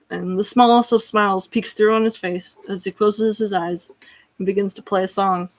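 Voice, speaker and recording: A woman's voice: mid-range voice, no room sound. A woman telling a story in a chatty, self-deprecating way with frequent fillers. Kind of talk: casual storytelling.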